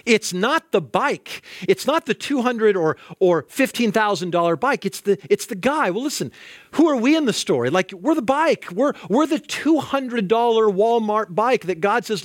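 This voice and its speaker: A male pastor preaching a sermon in an animated way, acting out quoted voices and often repeating words as he starts a sentence. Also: high voice, normal speed, no echo, studio quality.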